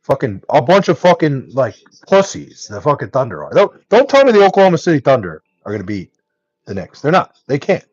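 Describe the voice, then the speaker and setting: Young guy raging on stream, pitch jumping all over, dry dull mic sound. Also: wildly swooping pitch, a little fast, slightly rough, no echo. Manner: angry, profane ranting. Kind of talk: live-stream rant.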